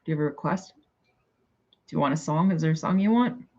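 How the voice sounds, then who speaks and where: A woman talks casually and hesitantly to her viewers. Her voice has a gravelly fry and the sound is dull and lo-fi, with keyboard typing behind her. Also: deep voice, lively intonation, fast, a little mellow. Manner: chatty, rambling, hesitant.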